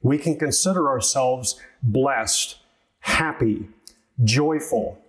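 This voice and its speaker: A man preaching a sermon as pastor, teaching through a passage in a measured, explanatory way and pausing on rhetorical questions. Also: mid-range voice.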